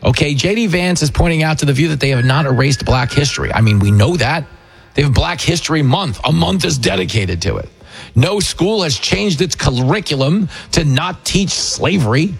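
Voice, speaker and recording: A man's voice: on the high side, lively intonation, moderate pace, creaky, husky. A man hosting a political talk radio show, delivering an opinionated monologue in a combative, sarcastic way. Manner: combative, sarcastic, mocking impressions.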